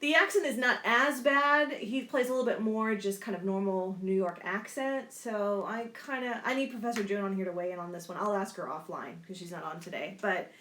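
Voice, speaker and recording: A woman's voice: medium pitch, a little fast, few pauses, fairly bright tone. A woman teacher and club advisor talking casually to students on a video call, chatty and often checking in with her listeners. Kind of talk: casual talk in an online club meeting. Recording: echoey room.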